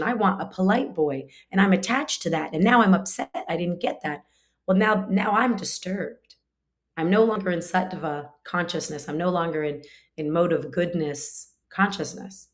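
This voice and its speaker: Low-voiced woman teaching casually. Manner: conversational, frequent 'like' fillers; explains through everyday family examples. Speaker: spiritual teacher. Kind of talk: casual scripture class.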